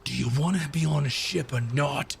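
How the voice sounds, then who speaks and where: A man's voice: on the high side, normal speed, creaky, slight background noise. A man voicing a bossy crewman who calls himself bosun and barks impatient orders.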